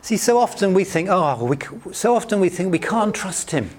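An earnest middle-aged man delivers a sermon in a slightly high voice. He lifts his voice to act out quoted prayers, then sinks into soft, near-whispered lines. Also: big pitch swings, normal speed. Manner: earnest, rises high acting out quotes, drops soft and hushed. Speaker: preacher.

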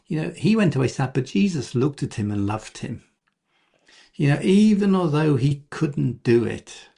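A man with a gravelly, husky, darkish voice preaches a sermon in a conversational style. As he tells the story, he slips into quoted voices, marking them with jumps in pitch.

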